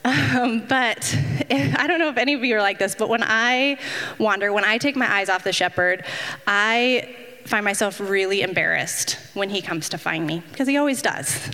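A woman's voice: mid-range voice, moderate pace, pushed and bright. A woman in her thirties giving a casual, chatty devotional talk, self-deprecating and full of fillers. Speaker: women's ministry speaker. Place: church hall. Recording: long hall reverb.

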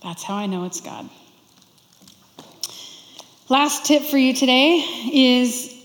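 A woman pastor giving a sermon, conversational and expressive, with playful asides. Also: high voice, slow pace. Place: church sanctuary. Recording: echoey church hall.

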